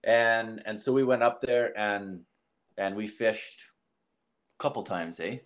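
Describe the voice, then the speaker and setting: A man's voice: lowish voice, measured pace, a bit bright. A man from southern Alberta, a podcast guest chatting casually and searching for words. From southern Alberta, Canada. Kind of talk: casual chat.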